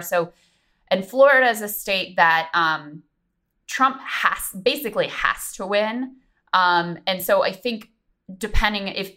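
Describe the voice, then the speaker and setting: Female pundit guest, lower register, crisp bright tone, analytical and earnest. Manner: earnest, analytical, with frequent ums. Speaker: political commentator guest. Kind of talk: casual political discussion.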